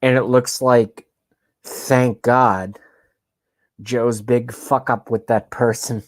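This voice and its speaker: A man's voice: lowish voice, fairly even intonation, takes it slowly. A man hosting a casual vlog and rambling along in loose, profane, self-mocking commentary. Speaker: vlog host.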